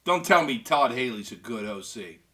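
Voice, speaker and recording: A man's voice: mid-range voice, expressive, moderate pace, bright, forceful tone. A man hosting a sports talk show, reading fan comments in a wisecracking, joking way. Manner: wisecracking, does mock voices and laughs. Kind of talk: casual sports radio banter.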